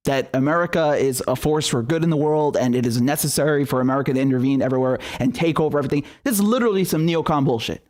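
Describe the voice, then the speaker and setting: A man's voice: on the high side, quick pace, few pauses, a little mellow. A male political commentator delivering a profane, sarcastic and exasperated solo rant.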